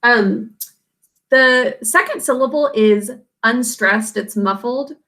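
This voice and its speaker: A woman's voice: on the high side, slow, fairly bright tone. A woman teacher giving a recorded spelling lesson, patiently sounding out words letter by letter and syllable by syllable.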